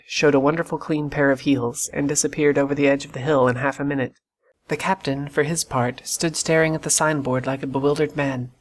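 A man reading an audiobook in steady, measured scripted narration. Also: on the high side. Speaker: audiobook reader.

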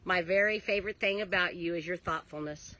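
Bright-voiced heartfelt woman. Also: lowish voice, a little fast, slight background noise. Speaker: mother-in-law giving birthday wishes. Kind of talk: recorded video message.

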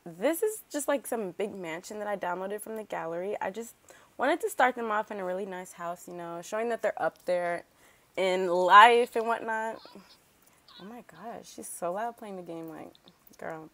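A talkative woman doing casual gameplay commentary at a middling pitch. She rambles and fills her talk with asides and quick remarks to the characters on screen. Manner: chatty, filler-heavy, rambling asides; animated, talks back to game characters. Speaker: let's play host.

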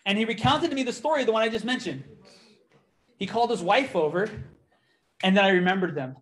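A young man giving a testimony in a church, telling his story with lively quoted dialogue. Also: high-pitched, a little fast. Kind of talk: testimony sermon.

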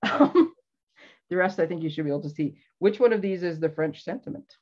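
A woman's voice: fairly low pitch, animated, fairly quick, a little mellow, muffled recording. A woman hosting a casual live craft demonstration from her home craft room, chatty and rambling, laughing often. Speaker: craft show host.

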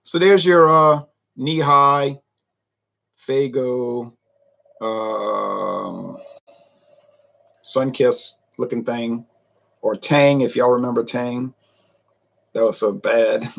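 A man's voice: medium pitch, expressive, very slow, gravelly, long pauses, a bit bright, highs cut off. A man talking in a folksy, meandering way, with many fillers, while reviewing a drink on his vlog. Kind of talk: casual rambling monologue.

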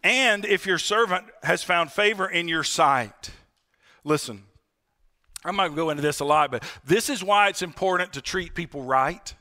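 A man's voice: fairly high pitch, pushed and bright. A male pastor preaching a sermon in a conversational way, calling the congregation "friends" and asking them for an "Amen.". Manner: asks for "Amen?" responses. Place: church.

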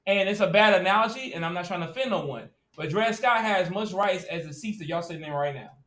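A man's voice: high-pitched, animated, quick pace, a bit bright. A male teacher giving a classroom lecture, talking casually and directly and often checking that students are following. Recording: echoey classroom, at times far from the mic.

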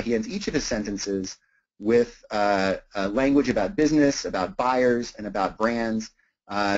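A lecturer with a fairly low, slightly mellow voice gives an academic talk on teaching writing, thinking aloud thoughtfully with frequent "uh"s and repeated words. The recording is dull and lo-fi.

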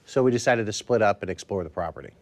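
A man's voice: fairly low pitch, quick pace, a little mellow. A man playing a comic ghost hunter, speaking in an earnest, plodding, mock-serious way. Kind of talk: improvised comedy sketch.

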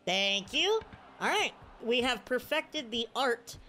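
A woman's voice: on the high side, slow pace, music in the background. A woman giving live video game commentary, cheering and groaning at every play. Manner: excitable, cheers and groans at plays. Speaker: gaming streamer.

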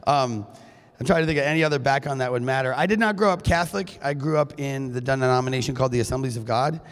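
A hoarse man in his forties from Minnesota giving a joking, chatty keynote talk on a stage microphone in a large school hall. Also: mid-range voice, quick pace. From Duluth, Minnesota, USA. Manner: joking, chatty, with frequent fillers. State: hoarse, recovering from lost voice. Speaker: conference keynote speaker. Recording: long reverb of a large hall.

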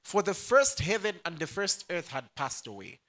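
Lively pastor with a bright voice. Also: male voice, high voice, normal speed. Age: young adult. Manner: playful, laughs often and calls out to the congregation. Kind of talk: sermon.

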